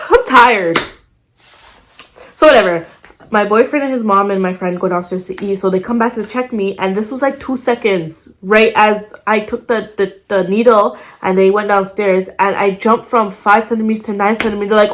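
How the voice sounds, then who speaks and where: A young woman vlogger casually telling a personal story to the camera, with plenty of slang and swearing and an animated way of retelling events. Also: medium pitch, normal speed.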